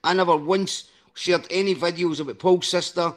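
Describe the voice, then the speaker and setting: High-voiced man urging calm. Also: normal speed. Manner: persuasive, peacemaking, frequent "right?". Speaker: live stream panelist. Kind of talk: casual live-stream discussion.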